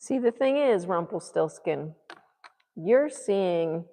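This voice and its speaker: A woman talks herself through a painting in slow, unhurried murmurs, her low-set voice rising and falling in lively swoops. She muses in quiet asides, as if alone at the easel, and a long reverb trails behind her words. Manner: musing, self-talking, murmuring asides. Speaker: art vlogger. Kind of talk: thinking aloud while painting.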